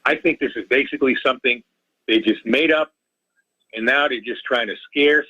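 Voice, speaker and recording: A man's voice: medium pitch, normal speed, sharp tone, no echo. Agitated male caller on a dull phone line. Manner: pleading, repetitive, emotional. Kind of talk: impassioned call-in rant. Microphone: telephone.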